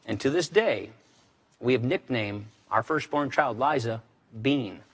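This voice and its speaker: A man's voice: mid-range voice, expressive, a little slow, a bit bright. A man, a congressman, speaking in a formal political debate, firm and repeating key phrases for emphasis. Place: debate stage.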